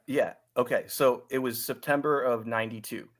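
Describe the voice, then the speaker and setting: A man's voice: medium pitch, steady tone, normal speed. A man telling a rambling anecdote in casual podcast chat, correcting himself and laughing easily. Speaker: podcast guest or co-host telling a story. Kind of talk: casual storytelling.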